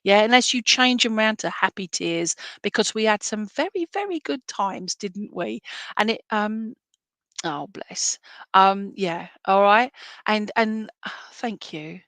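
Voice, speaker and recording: A British woman medium speaks softly and reassuringly as she passes on a message from spirit. She sits at an ordinary middle pitch and often pauses to check in with her listener. The sound is dry and close, with no room around it. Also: no echo. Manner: gentle, reassuring, checking in with "all right?" and "okay?".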